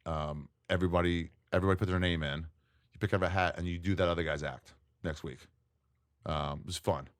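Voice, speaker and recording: A man, a comedian guest, telling stories in casual chat, lively and laughing often as he acts out what others said. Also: sits low, fast talker. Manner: animated storyteller, acts out quotes, laughs often. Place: tent.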